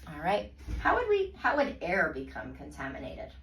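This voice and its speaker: A woman tutoring a student in reading, praising often and sounding out words slowly in parts. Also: lowish voice, wildly swooping pitch, a bit bright. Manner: slow, clearly segmented word pronunciation. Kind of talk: one-on-one reading lesson. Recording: roomy sound from a distance.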